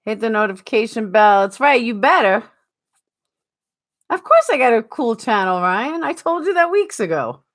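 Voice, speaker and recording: A woman's voice: a little high, sing-song, normal speed. A woman with a New York accent chatting casually on a live stream, answering viewers by name.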